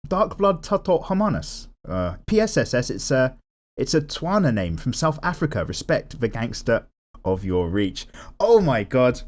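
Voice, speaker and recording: A young man with a casual, animated manner, chatting while he draws and swearing freely as he goes. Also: medium pitch, moderate pace. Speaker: art vlogger. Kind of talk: casual chat while drawing.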